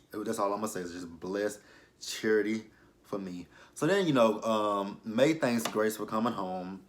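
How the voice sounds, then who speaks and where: A man casually recapping a TV drama episode, sassy and animated, talking back to the characters. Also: on the low side. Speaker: TV show reviewer. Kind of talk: casual review vlog.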